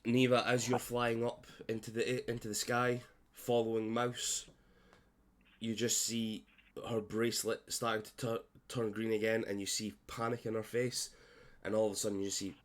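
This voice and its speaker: A man who is unwell, narrating a tabletop game as game master with halting, filler-heavy speech on a voice call. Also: fairly low pitch, little pitch movement, a little hiss or hum. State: unwell, coughing.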